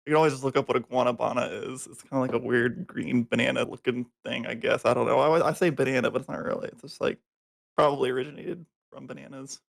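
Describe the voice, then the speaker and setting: A man's voice: medium pitch, steady tone, fast talker, vocal fry. A young man on a podcast as a guest, chatting casually, laughing often and stumbling through his sentences. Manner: laughs often, hesitant with restarts. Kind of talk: casual chat.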